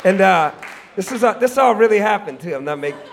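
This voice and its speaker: Storyteller, forties, male, slightly high voice, loose and animated, slips into voices for other people. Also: quick pace, vocal fry, a faint crowd, slight background noise. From Oakland, California. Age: 40s. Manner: laughs often, loose and conversational with many restarts. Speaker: storytelling speaker at a live event. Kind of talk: live storytelling monologue. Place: club stage before a live audience.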